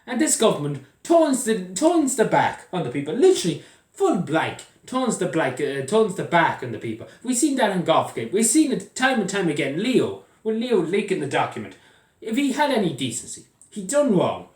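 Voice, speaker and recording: A man's voice: high-pitched, wildly swooping pitch, normal speed, a little mellow. An Irish man ranting angrily to camera, swearing often and repeating himself as he gets worked up. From Ireland. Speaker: vlogger. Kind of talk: angry political rant. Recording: echoey room, mic at a distance.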